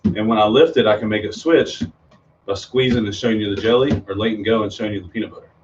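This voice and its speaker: A man's voice: fairly low pitch, fast talker, background noise. A middle-aged man, a children's magician, performing magic tricks for kids on a video stream from a room at home, chatting in a rambling way with many ums and restarts. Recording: distant, dull home video sound.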